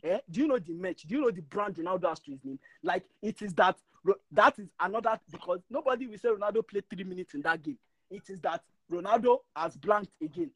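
A man's voice: high-pitched, quick pace, no room sound, low-quality recording. A man, ranting passionately in a casual podcast chat and stumbling over repeated words when worked up. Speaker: podcast co-host.

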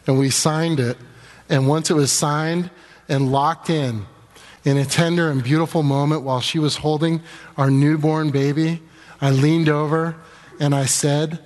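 A man preaching a sermon to a congregation, telling a funny personal story and acting out the dialogue in voices. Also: fairly high pitch. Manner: animated, acts out dialogue in quoted voices. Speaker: pastor. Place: church sanctuary before a congregation. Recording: long echoing reverb of a large hall.

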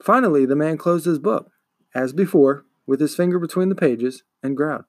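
A man, a podcast host, reading a children's book aloud in an expressive storytelling manner. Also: a little high, normal speed, no room sound, clean studio sound. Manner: expressive, acts out the characters.

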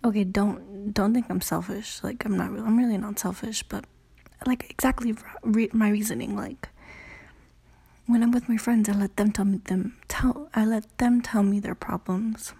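A woman in her late teens hosts her own solo podcast, talking in a rambling, self-conscious way, swearing often and filling gaps with "you know" and "I don't know." Her mid-range voice is steady, creaky and slightly rough with a dark tone, at a moderate pace.

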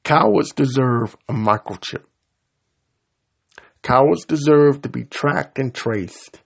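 A man delivering a profane, confrontational rant straight to his audience, swinging between loud outbursts and low mutters. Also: takes it slowly, gravelly, pauses often, husky. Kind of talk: profane angry rant to camera.

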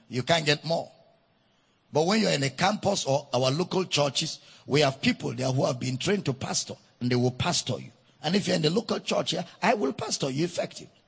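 A man preaching a sermon as pastor, slow and emphatic, repeating key phrases for weight. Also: on the high side, fairly bright tone, breathy edge, long reverb tail.

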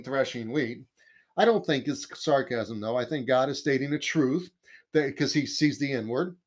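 A man teaching the Bible in a conversational sermon, earnest and emphatic, often repeating key phrases. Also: medium pitch.

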